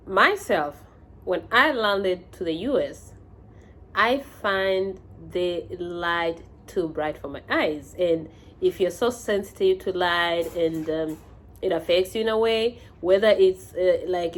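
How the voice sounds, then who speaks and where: A woman with a Kenyan accent speaks in a somewhat low voice. She talks to camera in a casual advice vlog, loose and conversational, often pausing on fillers and restarting her sentences. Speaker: vlogger giving advice.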